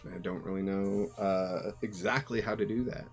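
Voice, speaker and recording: A man's voice: low-pitched, steady tone, moderate pace, faint music behind. A man casually commentating his own online card game, muttering to himself and chuckling often. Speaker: streamer playing a card game.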